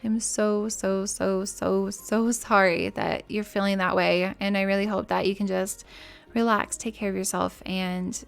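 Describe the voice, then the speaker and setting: A woman's voice: mid-range voice, level tone, measured pace, vocal fry. A woman game streamer chatting casually and giggling with her viewers while she builds in a game.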